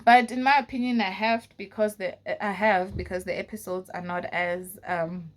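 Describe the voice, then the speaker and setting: A young woman from South Africa telling a personal story in a casual vlog, full of fillers and often dropping to a low, quiet voice. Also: fairly even intonation, moderate pace. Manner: casual, frequent fillers like "like" and "you know". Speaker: vlogger.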